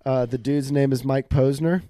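A man's voice: medium pitch, steady tone, normal speed, dark tone, dry recording. A young man co-hosting a podcast, joking around in casual banter, laughing often and swearing. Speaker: podcast co-host. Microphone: desk mic in front of laptop.

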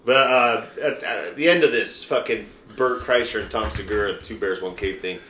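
A man's voice: fairly low pitch, moderate pace. A man co-hosting a comedy podcast, telling crude stories in casual banter and swearing often. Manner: swears constantly, acts out others' lines in animated bursts. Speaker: podcast co-host. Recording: echoey room with faint noise.

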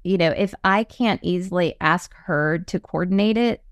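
Low-voiced chatty woman host. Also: moderate pace, clean tone, no echo, clean studio sound. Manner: chatty, uses many fillers. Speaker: podcast host. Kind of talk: casual interview chat.

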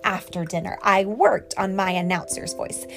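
A woman's voice: mid-range voice, normal speed, vocal fry, music in the background. Woman reading a picture book aloud. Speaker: reader.

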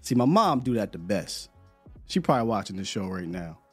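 A man's voice: fairly low pitch, very animated, brisk, breathy edge, faint music behind. A man hosting a live podcast in casual chat, laid-back and slangy, often repeating words as he talks. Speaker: podcast host.

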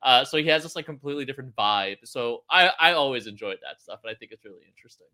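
Bright-voiced, enthusiastic male podcast host. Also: medium pitch, animated, fast talker. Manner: enthusiastic, rambling, filler-heavy. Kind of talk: casual podcast chat.

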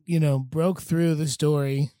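A man's voice: fairly high pitch, fairly even intonation, measured pace, warm tone, dry recording. A man co-hosting a casual chat, wry and mock-scolding toward his friends.

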